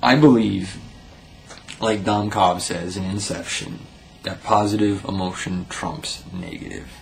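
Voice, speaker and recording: A man's voice: sits low, a little slow, vocal fry, a little hiss or hum, rough recording. A young man from the United States reading out viewer comments in a blunt, profane commentary vlog, often stumbling and restarting.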